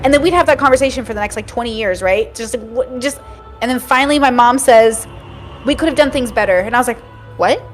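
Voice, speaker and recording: A woman's voice: on the high side, quick pace, faint music behind. A woman in her thirties telling family stories in casual chat, acting out her parents' lines. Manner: animated storyteller, acts out quotes. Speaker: podcast guest.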